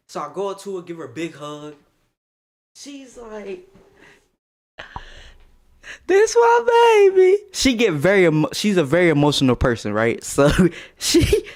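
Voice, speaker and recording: A young man streaming a casual storytime, slangy and animated, laughing often as he talks. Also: a little high.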